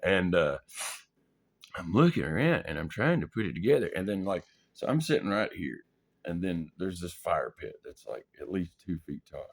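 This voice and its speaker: A man's voice: sits low, sing-song, normal speed, vocal fry. A young man casually telling a wild story from his army days, laughing, swearing and acting out his own panicked thoughts. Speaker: vlogger.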